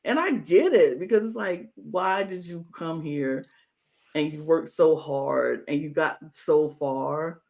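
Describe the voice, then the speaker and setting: Male podcast co-host, slightly high and gravelly voice, animated, playful casual recap. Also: slow pace, highs cut off. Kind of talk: casual chat.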